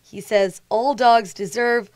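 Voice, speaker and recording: Woman, news anchor, polished, high voice. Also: takes it slowly, slight background noise. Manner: polished, even delivery. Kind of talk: scripted news reading.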